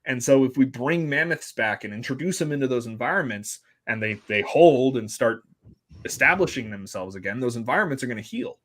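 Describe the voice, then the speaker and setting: A man's voice: medium pitch, expressive, a little fast, a bit bright. A man, a paleontologist guest, explains science eagerly in a casual interview and laughs easily.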